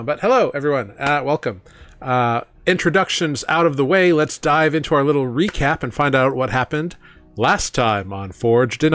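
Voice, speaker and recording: A man running a tabletop game stream as its host, talking in a relaxed, casual way with many fillers. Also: medium pitch, clear, resonant tone, no echo. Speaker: game master.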